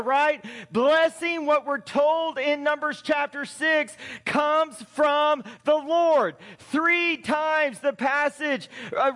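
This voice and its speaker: A male pastor with a very high voice delivers a sermon in a conversational, emphatic way, throwing rhetorical questions at his congregation. His words ring out with a long reverb from a church hall. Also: fairly bright tone.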